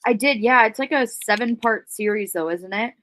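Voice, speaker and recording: A woman co-hosting a true crime chat, relaxed and rambling, laughing along. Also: on the high side, moderate pace, no room sound. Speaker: co-host. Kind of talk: casual chat.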